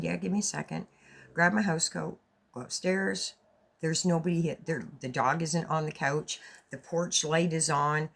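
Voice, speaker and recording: A woman vlogger telling a story to her viewers in a casual, animated way, swearing as she goes. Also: vocal fry. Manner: animated, swearing, rises high when retelling her own lines.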